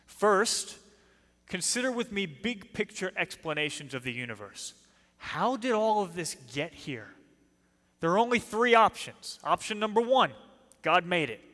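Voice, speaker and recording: A man's voice: high-pitched, very animated, unhurried, sharp tone. A man with a New Jersey accent giving an emphatic apologetics talk in a church, putting rhetorical questions to the audience. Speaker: speaker. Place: church hall. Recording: long reverb of a church hall.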